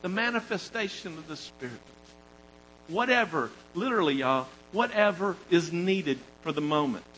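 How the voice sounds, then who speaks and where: A man preaching a sermon, talking to the congregation in an animated, conversational way that swings from loud emphasis to quiet storytelling. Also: high voice, normal speed, slight background noise, poor audio.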